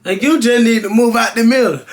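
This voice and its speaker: High, bright-voiced excitable man. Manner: excitable, laughing, with sudden shouted exclamations. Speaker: host reacting to videos. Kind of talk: casual reaction commentary.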